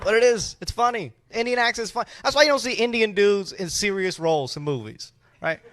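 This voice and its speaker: A male stand-up comedian delivering a cheeky, animated routine. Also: sits high, brisk, no room sound. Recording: loud live crowd and noise.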